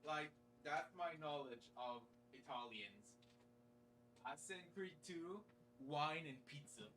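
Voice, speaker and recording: A man's voice: a little high, lively intonation, slow, sharp tone, slight background noise. A man streaming a game, chatting casually, swearing and laughing as he talks. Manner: swearing, laughing, dubbing a clip aloud.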